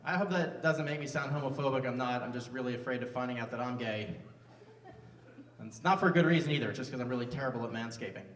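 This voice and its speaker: A man's voice: medium pitch, fast talker, slight background noise. A man in his fifties doing a live stand-up set on a stage mic, self-mocking and bantering with the crowd. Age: 50s. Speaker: stand-up comedian. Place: large live music venue on stage. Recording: roomy venue sound from a distance.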